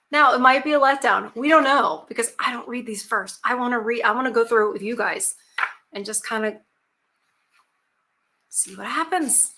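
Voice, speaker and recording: A woman's voice: medium pitch, sharp tone. A woman hosting her channel, chatting casually and reading a fairy tale aloud with frequent asides and emphatic rhetorical questions. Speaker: channel host. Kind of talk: casual commentary and storybook reading.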